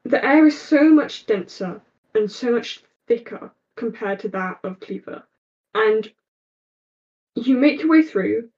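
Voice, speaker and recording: A woman game master narrates a tabletop game and takes her time over every scene description. Her voice is fairly high and very unhurried, and the lo-fi recording dulls it. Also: animated, a little mellow. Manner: descriptive, meandering, slow scene-setting.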